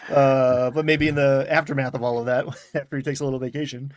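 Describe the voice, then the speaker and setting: A man's voice: mid-range voice, level tone, a little fast, dry recording. A man with a Long Island accent hosting a casual chat, rambling and correcting himself with chuckles. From Long Island, New York. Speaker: podcast host.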